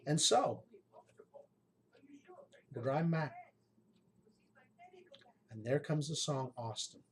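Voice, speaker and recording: A man's voice: mid-range voice, slow pace, a little hiss or hum, low-quality recording. Emotional man talking straight to viewers. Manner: emotional, heartfelt, addresses viewers as folks and guys. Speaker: game master giving tips. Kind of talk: personal vlog monologue.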